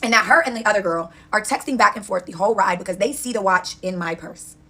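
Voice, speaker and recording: A woman casually telling a story in an animated way, acting out quotes with "da, da, da" fillers. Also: mid-range voice, fast. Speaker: storyteller recounting a dispute.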